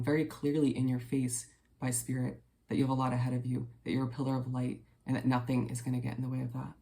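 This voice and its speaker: Man, tarot reader, gravelly, flat and even pitch, gentle, reassuring. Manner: gentle, reassuring, unhurried with fillers. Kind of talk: casual tarot reading to viewers.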